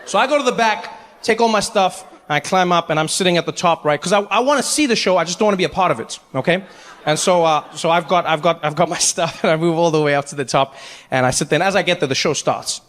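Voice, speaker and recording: A male comedian telling a story on stage with lively, animated delivery and quick jumps into character voices. His voice sits high, and a long hall reverb trails each line. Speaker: stand-up comedian. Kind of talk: stand-up comedy.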